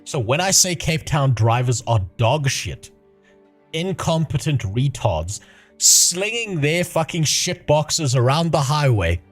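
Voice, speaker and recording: A man's voice: a little high, very animated, slow, faint music behind. Profane, laughing man. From South Africa. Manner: profane, laughs often while talking. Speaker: livestreamer. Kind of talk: casual chat.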